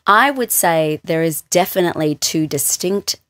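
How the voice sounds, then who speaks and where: An Australian woman, a voice actor, chatting casually as a podcast guest in a studio, self-deprecating and quick to laugh. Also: lowish voice, expressive, a bit bright, no room sound. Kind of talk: casual chat. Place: recording studio.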